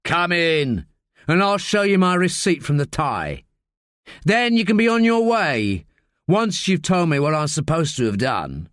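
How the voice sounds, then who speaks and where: A man playing a blunt London hard man, menacing, slow and dry, audiobook. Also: fairly high pitch, big pitch swings, fairly bright tone, no echo. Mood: cocky. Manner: blunt, brash, threatening. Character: tough London ex-con family man, menacing.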